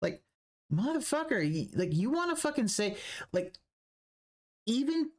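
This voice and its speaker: Man, livestream reaction, profane ranting, very lively pitch, restarts sentences. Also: a little slow, pauses often. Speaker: streamer.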